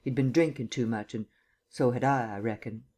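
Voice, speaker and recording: A man voicing a tense army captain with a Southern accent, answering in quiet, hesitant, clipped replies. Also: mid-range voice, fairly even intonation, moderate pace, lightly acted. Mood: tense, guarded. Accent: American Southern. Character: nervous army captain, tall stiff soldier.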